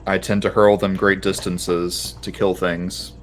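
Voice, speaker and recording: A man with a very low voice delivers measured, earnest in-character lines in a tabletop game. A faint noise floor sits under the recording. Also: flat delivery. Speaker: player. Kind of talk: in-character tabletop role-play.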